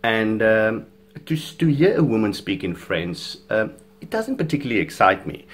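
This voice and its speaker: A man's voice: on the low side, sing-song, normal speed, slight background noise. A South African man whose first language is Afrikaans, giving chatty, opinionated video commentary with frequent chuckles. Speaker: fitness vlogger.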